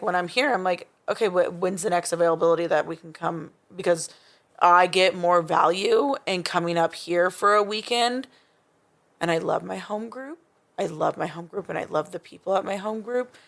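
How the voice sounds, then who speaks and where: Young woman, podcast guest, gravelly, lowish, rambling casual chat. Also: moderate pace, a bit bright. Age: young adult. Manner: rambling, many fillers and restarts.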